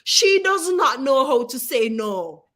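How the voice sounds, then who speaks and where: Woman, live-stream host, high pitch, bright voice, direct encouraging talk. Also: very animated, takes it slowly. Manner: warm, direct, encouraging, addresses viewers by name. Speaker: livestream host.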